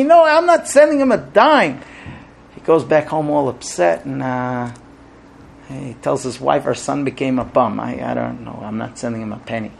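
Animated man teaching a religious class. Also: gravelly, slight background noise. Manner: animated storyteller, acts out characters with big pitch jumps. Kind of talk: Torah class with told stories.

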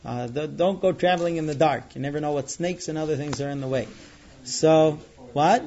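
A man teaching students, retelling a Bible story in an animated way and acting out the characters' lines. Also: a little high, moderate pace, muffled recording. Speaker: Torah teacher.

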